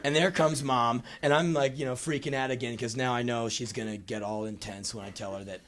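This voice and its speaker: A man in his twenties from the United States telling a profane story live on stage, jumping into shouted impressions. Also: medium pitch, steady tone, brisk. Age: 20s. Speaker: spoken word performer. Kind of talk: live spoken word storytelling. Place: small live music venue.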